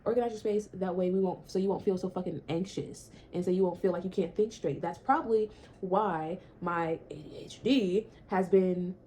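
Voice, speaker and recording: A woman's voice: lowish voice, moderate pace, warm tone, slight background noise. Chatty young woman vlogging at home. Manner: chatty, repetitive, swears casually. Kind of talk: casual chat to camera. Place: small apartment indoors.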